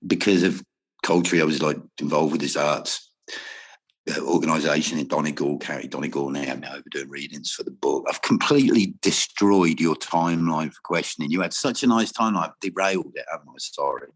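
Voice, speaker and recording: Very deep husky man, rambling. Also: brisk. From Wales. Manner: rambling, swears freely, laughs often. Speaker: guest musician. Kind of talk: casual interview chat.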